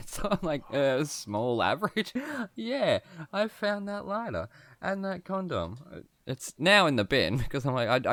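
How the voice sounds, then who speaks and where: Animated man telling a story. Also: medium pitch, no room sound. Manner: animated, laughs a lot, self-mocking, acts out voices. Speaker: podcast co-host. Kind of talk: casual storytelling chat.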